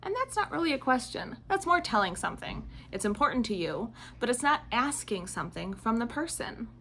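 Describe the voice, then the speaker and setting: A woman teaching kindergartners in a video lesson, speaking slowly and clearly in an encouraging way. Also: on the high side, sing-song, fairly bright tone, a little hiss or hum. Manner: slow, clear and encouraging, acting out children's voices. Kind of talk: video lesson for young children.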